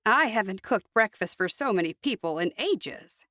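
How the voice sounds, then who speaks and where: A woman voicing a gentle, weary Amish mother. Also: medium pitch, animated, moderate pace, dry recording, clean studio sound, natural voice.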